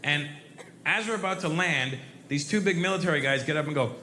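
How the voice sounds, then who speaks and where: A man doing a stand-up comedy routine, telling an animated story and shouting out sound effects. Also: on the high side, brisk. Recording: echoey live room, faint noise.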